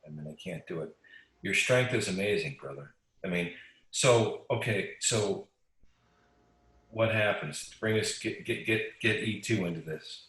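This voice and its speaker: A man's voice: fairly low pitch, a little slow, fairly bright tone, reverberant, rough recording. A man hosting a virtual Q&A who stumbles and restarts as he searches for words. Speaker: host. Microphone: video call.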